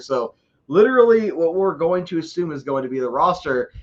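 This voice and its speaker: A man's voice: fairly high pitch, highs cut off. A man co-hosting a casual sports podcast, joking and rambling and often repeating words as he talks. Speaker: podcast co-host.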